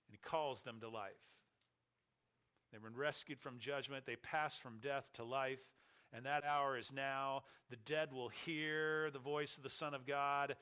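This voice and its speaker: A man preaching a sermon, emphatic, slowing down and leaning on key words. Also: mid-range voice, bright, forceful tone.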